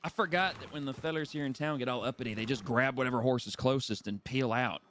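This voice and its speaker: A man's voice: medium pitch, quick pace, a bit bright, a little hiss or hum. A man in in-character western roleplay chat, folksy and teasing. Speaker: roleplay player.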